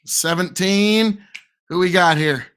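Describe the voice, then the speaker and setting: A man's voice: high-pitched, slow pace, a bit bright, clear, resonant tone. A man co-hosting a live wrestling watchalong, bantering and teasing in fan chatter. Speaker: watchalong co-host. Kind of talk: live reaction commentary.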